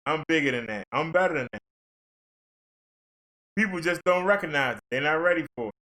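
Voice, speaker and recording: A man's voice: a little high, lively intonation, fairly quick, sharp tone. A man ranting on a livestream in a fervent, blunt, preachy way. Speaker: livestream commentator.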